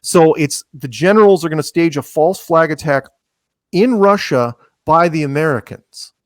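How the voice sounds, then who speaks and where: A man's voice: on the high side, normal speed, dry recording, studio quality. A man talking as a podcast guest in a rambling way, full of restarts and sarcastic asides. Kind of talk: casual chat.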